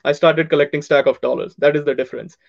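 A man's voice: on the high side, steady tone, fast talker, vocal fry, dull audio. A man telling his story as an interview guest, acting out both sides of past conversations.

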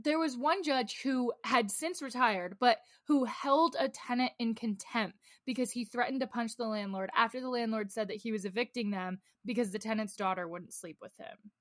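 A woman's voice: fairly high pitch, moderate pace, hardly any pauses, no echo, studio quality. A woman co-hosting a podcast in casual chat, ranting with rising anger. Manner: fired-up, rants and acts out angry scenes. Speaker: podcast co-host.

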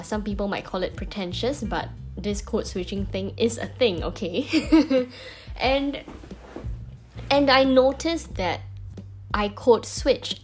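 Candid Singaporean woman talking to her phone. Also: medium pitch. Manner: chatty, candid, many fillers and self-corrections. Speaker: vlogger. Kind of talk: casual personal monologue.

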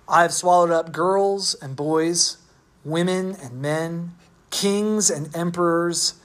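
A man voicing a huge calm lion while reading a storybook aloud; the lion speaks plainly and matter-of-factly, never boasting or angry. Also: fairly high pitch. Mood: grave, calm. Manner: plain, unhurried, matter-of-fact.

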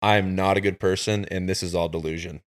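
A man hosting a podcast, telling a candid personal story in relaxed conversation. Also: low voice, fairly quick. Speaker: podcast host. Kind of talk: casual conversation.

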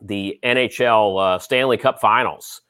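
A man's voice: on the low side, measured pace, bright, forceful tone, clear, resonant tone, dry recording. A man hosting a casual trading show, talking through stocks in a rambling way with many fillers and sports analogies. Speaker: host. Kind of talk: casual market commentary.

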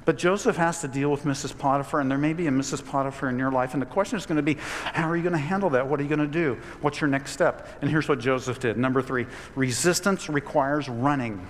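A man's voice: mid-range voice, quick pace, a little hiss or hum. A man delivering a sermon as a pastor, telling a story in a conversational way and building to emphatic points. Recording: long hall reverb.

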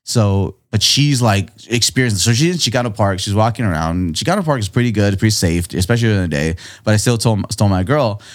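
Slangy man telling a story, low voice. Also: quick pace, few pauses. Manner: animated, jumps high in pitch when quoting people; slangy, laid-back, says dude and bro a lot. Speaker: guest artist. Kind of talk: casual storytelling chat.

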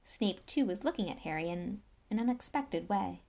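A woman reads a novel aloud with lively, expressive storytelling. Her delivery is animated and clear, carrying the action along. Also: medium pitch, moderate pace. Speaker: reader.

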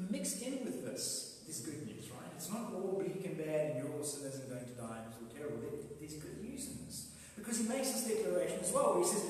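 High-voiced pastor preaching, chatty and animated, sounds far off in a big echoey church. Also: male voice. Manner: conversational, animated, acts out quoted voices. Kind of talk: sermon.

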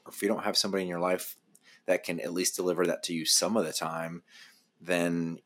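A man's voice: low-pitched, little pitch movement, brisk, fairly bright tone. A man co-hosting a casual podcast, thinking aloud in a reflective way with frequent fillers.

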